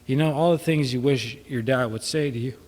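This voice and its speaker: A man's voice: mid-range voice, fairly quick, a little mellow, a little hiss or hum. A man, a son speaking at his father's memorial, rambling with many fillers and wavering between laughter and sadness. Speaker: son giving a eulogy. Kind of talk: informal memorial speech. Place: church hall. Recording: long church reverb.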